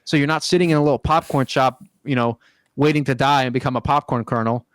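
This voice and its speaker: A man's voice: mid-range voice, fairly even intonation, fast talker, no room sound, clean studio sound. A young man hosting a podcast, talking in a rambling, casual way with lots of swearing and fillers. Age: young adult. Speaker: podcast host. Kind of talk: casual chat.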